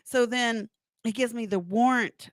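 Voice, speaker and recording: A woman's voice: fairly high pitch, a little slow, dry recording. Laughing woman radio co-host, dry studio sound. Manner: lively storytelling, laughs often. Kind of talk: casual radio chat. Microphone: studio microphone.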